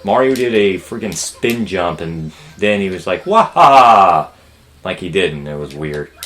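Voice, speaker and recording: A young man hosting a let's play, chatting casually and rambling with jokes and loud outbursts at the game. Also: low voice, moderate pace. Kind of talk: casual gameplay commentary.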